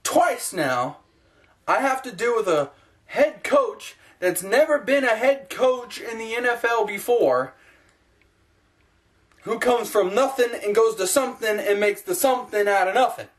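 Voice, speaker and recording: A man's voice: very high voice, expressive, measured pace. A man ranting in a profane, self-mocking sports vlog, talking to his own camera at home. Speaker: sports vlogger.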